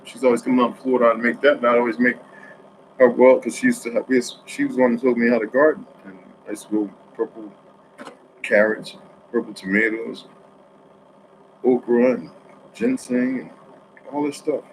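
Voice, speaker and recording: A man from New Jersey talking in a rambling, profane monologue, swinging between loud outbursts and quiet asides. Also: mid-range voice, fairly even intonation, a little fast, pauses often, a little hiss or hum, rough recording.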